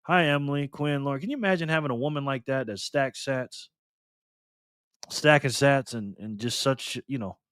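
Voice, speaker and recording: A man's voice: medium pitch, normal speed, a bit bright, clean tone, dry recording, studio quality. Teasing man hosting a live stream. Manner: playful, teasing, greets chatters by name. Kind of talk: casual live-stream chat.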